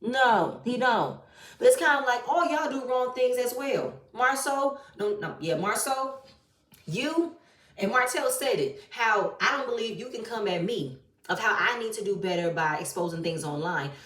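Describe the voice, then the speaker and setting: A woman's voice: a little high, expressive, moderate pace, a bit bright, distant mic. A woman giving blunt, exasperated, profane commentary on a reality show in a casual style. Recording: roomy echo, voice a bit off-mic.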